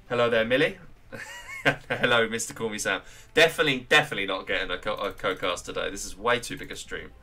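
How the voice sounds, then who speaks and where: With a fairly low voice and an English accent, a man gives chatty, excitable live commentary on a strategy game match, greeting viewers as he goes.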